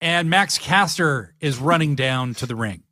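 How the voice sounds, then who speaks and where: Guy recapping wrestling on a podcast, bright higher voice, dry close mic, does all the voices. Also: measured pace. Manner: animated storyteller, acts out wrestlers' lines. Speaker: podcast co-host. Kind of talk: casual wrestling recap chat.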